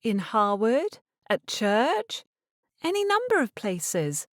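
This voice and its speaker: A woman's voice: fairly high pitch, huge pitch swings, slow pace, dry recording, clean studio sound, pitched above the performer's own voice, full character voice. A woman narrator voicing an earnest young lady in an audiobook, protesting in a pleading tone.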